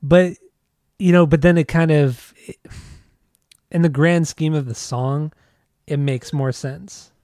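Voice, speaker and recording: A man co-hosting a casual music podcast, laid-back and rambling, quick to laugh. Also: a little high, steady tone, a little mellow, dry recording, clean studio sound. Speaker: podcast co-host.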